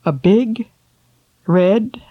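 A woman's voice: medium pitch, extremely slow, husky, lo-fi sound, voice pushed up. A woman voicing a lonely, selfish old king who lists his wishes in a wistful, childlike way, in a storybook reading. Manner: childlike, wishful listing of wants.

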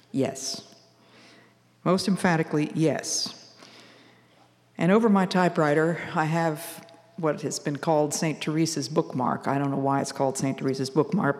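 An older woman giving an earnest, measured radio devotional talk, quoting scripture as she teaches. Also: low-pitched, darkish tone, long reverb tail.

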